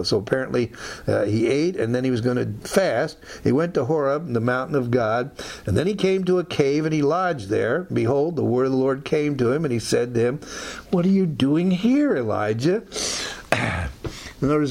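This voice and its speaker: A man's voice: medium pitch, a little mellow. A man teaching through a Bible passage in a conversational way, with many fillers and side remarks.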